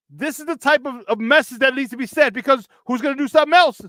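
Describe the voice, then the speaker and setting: A man's voice: very high voice, fast talker, bright, forceful tone, dry recording. A man hosting a sports talk show, ranting heatedly and repeating lines for emphasis.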